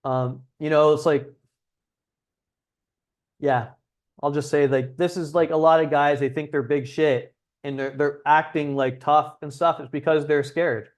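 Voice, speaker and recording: A man's voice: on the high side, steady tone, measured pace. A young man hosting a livestream, talking casually and bluntly as a dating coach, with frequent swearing. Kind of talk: livestream talk.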